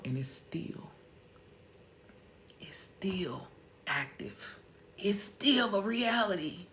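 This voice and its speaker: A woman's voice: sits low, vocal fry, a little mellow, slight background noise. A woman in her thirties hosting a live-stream motivational talk, emphatic and slangy, firing off rhetorical questions.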